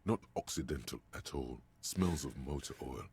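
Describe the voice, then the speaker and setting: Inner voices of a game detective speak in a rumbling bass so low it sits at the floor of the range, with a thick gravelly fry. The tone is hoarse and heavily breathy, and the delivery is slow and ominous, sometimes dropping to a whisper. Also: expressive, darkish tone, no echo, full character voice. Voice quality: deep gravelly rasp. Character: the detective's inner voices, gruff male narrator. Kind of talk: video game narration.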